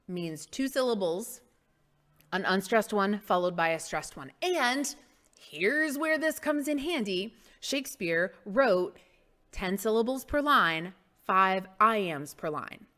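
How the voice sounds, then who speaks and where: A woman's voice: medium pitch, expressive, measured pace, a bit bright. A woman teaching a casual mini-lesson, playful and emphatic, who exaggerates word stress to make her point. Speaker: English teacher.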